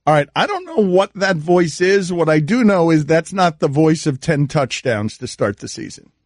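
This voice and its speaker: A man's voice: fairly high pitch, sing-song, normal speed, dry recording. A man hosting a sports radio show in the studio, teasing and incredulous.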